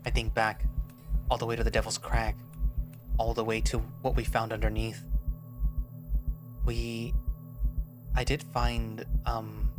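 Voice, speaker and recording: A man reading a visual novel aloud in a measured first-person narration, voicing the lead's dialogue. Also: medium pitch, level tone, over music.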